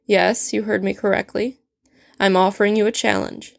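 A woman's voice: medium pitch, little pitch movement, normal speed, vocal fry, dry recording, clean studio sound. A woman reading a story aloud, voicing a stern, sardonic male potions professor who speaks in a cold, clipped and cutting way. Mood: cold, scornful.

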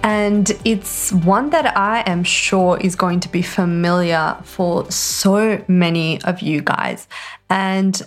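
A woman, hosting a podcast and telling a story in a chatty, animated way, full of "like" fillers. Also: fairly low pitch, slow, faint music behind. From Australia. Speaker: podcast host. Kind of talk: casual storytelling monologue.

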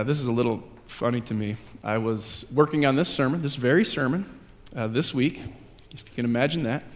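A man's voice: mid-range voice, big-room sound. A male pastor preaching a sermon in a conversational, self-deprecating way that builds into emphatic repetition.

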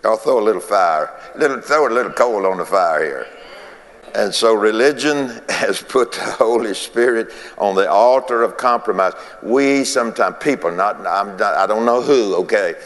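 A man's voice: fairly low pitch, moderate pace, fairly bright tone, in a large hall. A man preaching a folksy sermon, repeating phrases and chuckling between points.

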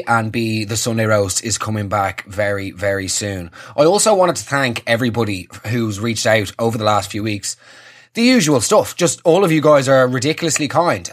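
A man's voice: medium pitch, fairly bright tone. A young man, a comedian hosting his own show, talking to camera in a wry, self-mocking way with sweary asides. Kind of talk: casual comic monologue to camera.

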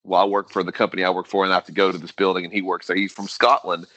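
A man's voice: sits low, little pitch movement, racing, fairly bright tone. A man hosting a casual interview, curious and laughing easily as he asks his guest questions.

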